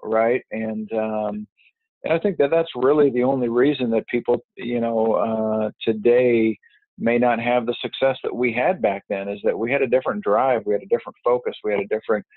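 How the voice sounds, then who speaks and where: This interview guest, a business networker, chats casually by phone, wandering through his points with lots of fillers and false starts. His medium voice keeps a fairly even intonation at a normal speed, and the phone line sounds tinny and dry with no room sound.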